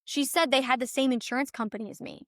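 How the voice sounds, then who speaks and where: A woman's voice: high-pitched, fast, dry recording, clean studio sound. A young woman, a podcast guest, telling a personal story in an earnest, tumbling way and often slipping into the voices of the people she quotes. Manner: earnest, tumbling storyteller who acts out others' lines.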